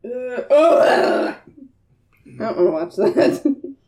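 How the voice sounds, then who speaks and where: High, lively woman off mic. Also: extremely slow, far from the mic. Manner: laughing, squeamish reactions. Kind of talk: casual chat. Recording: echoey room, off mic.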